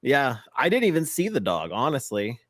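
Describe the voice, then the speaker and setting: A man co-hosting a podcast, telling a rambling story in casual chat with many fillers and quick laughs. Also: medium pitch, huge pitch swings, dry recording, studio quality. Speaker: podcast co-host.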